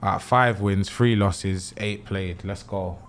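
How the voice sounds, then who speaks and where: A man's voice: low voice, fairly even intonation, slow. A young man, brash and trash-talking, swearing freely as he plays and comments on a football video game live. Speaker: streamer.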